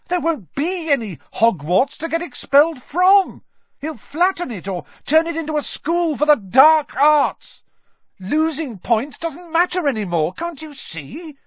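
A man's voice: very high voice, dry recording, dull audio, voice pushed up, exaggerated voice. A man voicing a determined young schoolboy who speaks urgently and emphatically in an audiobook.

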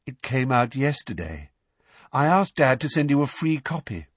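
A dreamy, matter-of-fact teenage witch, as a man reads her drifts through her words with a husky grain. The sound is dry and close. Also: medium pitch, big pitch swings, normal speed, no room sound, pitched above the performer's own voice.

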